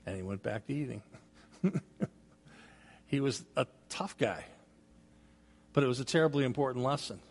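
A man's voice: mid-range voice, animated, normal speed, vocal fry, long pauses, a little mellow. An older man preaching a sermon as a guest preacher, telling personal stories in a folksy way. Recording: long reverb of a large hall.

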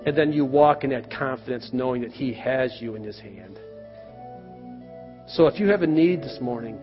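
A middle-aged man preaching a sermon and leading a closing prayer in a church, earnest and plain-spoken, getting louder when he acts out the cries of people in Bible stories. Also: medium pitch, moderate pace. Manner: earnest, rises loud when acting out quoted cries. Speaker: pastor. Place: church sanctuary. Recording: roomy church reverb, dull lo-fi sound, soft music behind.

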